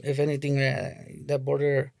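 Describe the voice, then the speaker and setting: A man talking as a podcast guest, halting and repeating his words, with casual slang. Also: mid-range voice, monotone, gravelly, darkish tone, dry recording.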